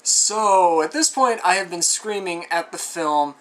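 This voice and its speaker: A man's voice: high voice, expressive, a little slow, a bit bright. A man giving a casual spoken film review, rambling with asides and sounding exasperated and sarcastic. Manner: rambling and conversational, with frequent asides. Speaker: movie reviewer.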